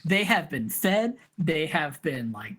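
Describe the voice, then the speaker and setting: A man narrating a tabletop game as game master, rambling and animated, often breaking into laughs. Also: a little high, slow, noisy background.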